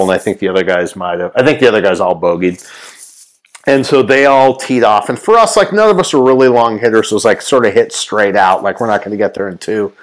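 A man's voice: fairly low pitch, poor audio. A man guest on a podcast, telling a story casually with many fillers and quoted lines. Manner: chatty, lots of ums and quoted dialogue. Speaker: podcast guest, sportswear executive.

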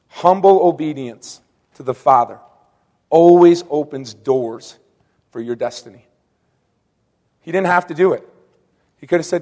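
Man, preacher, sermon, emphatic and repetitive, fairly high voice, long hall reverb. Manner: emphatic, repeats key lines, acts out quoted speech.

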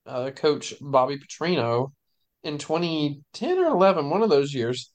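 A man's voice: a little high, big pitch swings, normal speed. A man on a casual sports podcast, thinking aloud as he compares games. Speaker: podcast co-host.

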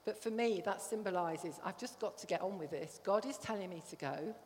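A woman's voice: mid-range voice, brisk, darkish tone, slight background noise. A woman giving a conversational sermon to a congregation, often checking that they follow. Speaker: church speaker. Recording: long hall reverb.

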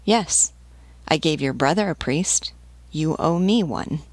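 A woman's voice: low-pitched, animated, takes it slowly, darkish tone, dry recording, heavily acted. Woman voicing a solemn old nobleman. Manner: serene, solemn, persuasive. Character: stern elderly nobleman, calm and righteous. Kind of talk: audiobook reading.

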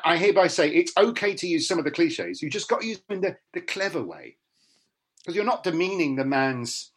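A man's voice: fairly high pitch, breathy edge. A middle-aged man, an actor talking bluntly and animatedly in a casual interview, often restarting his sentences.

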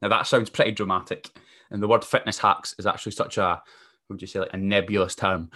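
Casual low-voiced podcast man. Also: a bit bright. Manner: casual, rambling, frequent fillers and self-corrections. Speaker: podcast host. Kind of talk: solo podcast talk.

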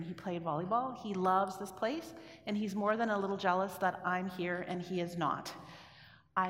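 With a medium-pitched, slightly bright voice, a middle-aged woman from Canada tells the audience a personal story in a chatty way, frequently asking them questions. The talk echoes through a hall with a long reverb tail.

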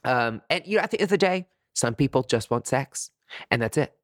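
A man talking candidly to his viewers in a sassy, animated way, full of swearing and pet names, with sudden high squeals of disgust. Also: brisk, no echo, clean studio sound. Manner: very expressive pitch swings, high squeals of disgust. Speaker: vlogger sharing dating opinions.

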